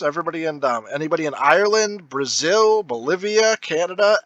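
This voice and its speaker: A man co-hosts a laid-back movie review podcast, talking in a rambling way full of fillers and quick laughs. His voice is bright, and his pitch moves around a lot. The sound is dry and close, with little room around it. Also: lively intonation, no room sound. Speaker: podcast co-host. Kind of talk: casual podcast chat.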